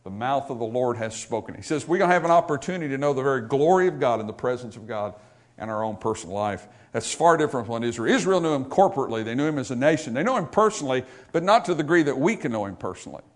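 A man preaching a sermon to a church congregation, swinging between loud, raised exhortation and quiet, low asides, and often asking the people questions. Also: expressive, racing. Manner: talks to the congregation with questions and calls. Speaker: pastor.

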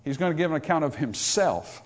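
Here a male preacher alternates between loud, raised passages and hushed asides, reading scripture in antiquated wording with strong emphasis. His pitch is on the high side, expressive, and his pace is a little fast.

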